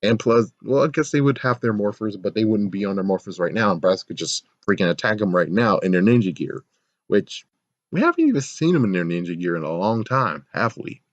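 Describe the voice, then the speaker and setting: A man's voice: fairly low pitch, very animated, a little fast, no room sound. A man giving a casual episode review, ranting sarcastically, laughing often and swearing. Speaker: show reviewer. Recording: dull, lo-fi, dry sound.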